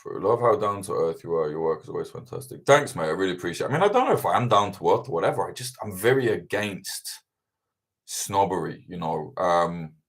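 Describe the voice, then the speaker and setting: Young male host, low register, loose and profane, heated conversational rant. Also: brisk, creaky, slightly rough. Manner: swears constantly, animated and ranting. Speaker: livestream host answering viewer questions. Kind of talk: casual chat.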